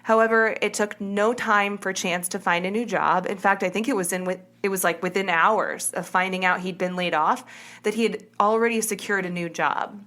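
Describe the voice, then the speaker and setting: A woman's voice: medium pitch, steady tone, normal speed, fairly bright tone. A woman hosting a podcast, telling a true crime story in a casual, chatty way. She often corrects herself mid-sentence. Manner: chatty, self-correcting, uses "like" and "kinda". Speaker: podcast host.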